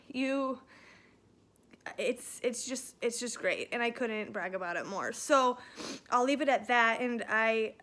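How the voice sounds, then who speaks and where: Tearful young woman, bright voice. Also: a little high. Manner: tearful, halting, many fillers and restarts. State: emotional, near tears. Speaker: nursing student sharing a testimonial. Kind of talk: emotional personal vlog.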